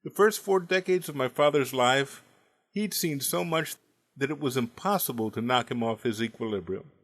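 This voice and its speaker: A man's voice: medium pitch, moderate pace, fairly bright tone. Man, 40s, comic storyteller, dry wry delivery, mid-range voice. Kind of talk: comedic storytelling monologue.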